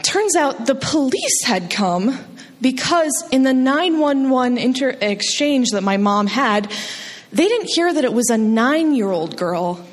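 A woman from New Jersey telling a funny personal story on stage at a live storytelling show, poking fun at herself and jumping up in pitch for quoted voices. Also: expressive, a little slow. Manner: self-deprecating, jumps high for quoted voices. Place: stage in a hall. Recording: long hall reverb.

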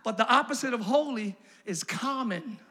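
A male pastor preaching a lively, playful sermon in a large church, often shouting to the congregation. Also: very high voice, normal speed.

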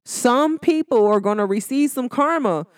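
A young woman, talking to listeners on her podcast in a casual, sassy, animated way. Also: moderate pace, smooth, dry recording, clean studio sound. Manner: animated, sassy, jumps into high exclamations. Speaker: podcast host. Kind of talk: casual solo podcast talk.

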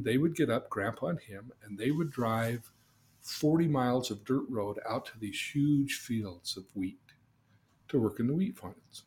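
Animated male storyteller. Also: mid-range voice. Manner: animated storyteller, repeats words when starting. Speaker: host. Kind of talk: podcast storytelling.

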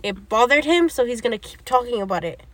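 A woman's voice: fairly high pitch, lively intonation, fast talker, a bit bright, no room sound. A young woman, telling a story in casual chat, acting out quoted lines and swearing often. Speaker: podcast co-host.

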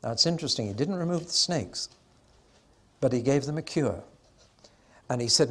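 With lively intonation and a mid-range, slightly bright voice, an older man delivers a sermon-style Bible teaching. He tells the story with emphasis, slowing down to lean on the key moments and give them weight.

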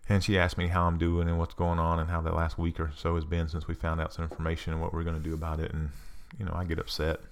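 Low gravelly-voiced man, earnest talk. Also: monotone, fast, few pauses. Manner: earnest, confessional, repeats phrases. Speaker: speaker giving a spiritual self-help talk. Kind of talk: personal storytelling talk.

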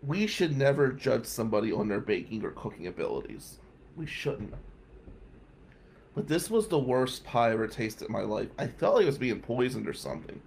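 A man's voice: medium pitch, normal speed, creaky, slight background noise. A man telling a funny personal anecdote in a conversational way, speaking straight to his listeners. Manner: animated, conversational, addresses listeners directly. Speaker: storyteller. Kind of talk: personal anecdote told to an audience.

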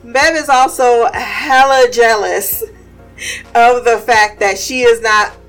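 A woman recapping a TV episode in a casual, animated way, often laughing and acting out the characters. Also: a little high, slow, soft background music. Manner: animated, laughing, acts out quotes. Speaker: show recap host.

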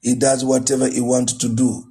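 A male pastor giving a morning sermon and prayer, slow and deliberate, repeating his phrases. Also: medium pitch, level tone, mellow.

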